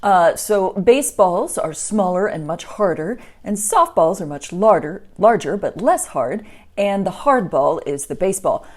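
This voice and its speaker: Deadpan, low-voiced American woman. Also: unhurried. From United States. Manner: deadpan, dry humor. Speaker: podcast co-host. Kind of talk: casual political chat.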